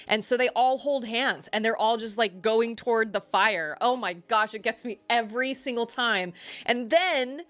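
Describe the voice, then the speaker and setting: A woman's voice: a little high, moderate pace, fairly bright tone, no echo. A woman livestreaming, chatting casually and rambling as she reacts to her viewers. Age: adult parent. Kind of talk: casual chat.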